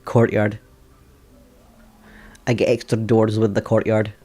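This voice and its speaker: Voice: mid-range voice, expressive, a little slow. Giggly streamer chatting at a home desk. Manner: giggly, laughs often between remarks. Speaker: game streamer chatting with viewers. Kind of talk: casual live-stream chat.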